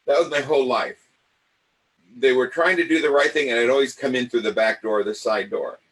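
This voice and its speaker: An older man, an acting coach, tells stories from his own life with an animated, theatrical delivery. His voice sits at an ordinary middle pitch. He slips into the voices of the people he remembers as he goes. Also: fast, poor audio. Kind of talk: personal storytelling.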